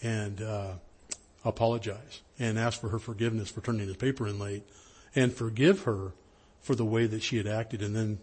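A man's voice: steady tone, moderate pace, darkish tone, husky. A middle-aged man, a pastor, giving a sermon in a conversational storytelling way, acting out the lines of people in his story. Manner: conversational storytelling, acts out dialogue with rising pitch.

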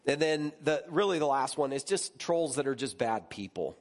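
Man, pastor, relaxed chatty sermon, middling pitch, animated, keeps asking the room "right?". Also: normal speed. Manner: lively, jumps higher when recounting stories. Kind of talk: conversational sermon.

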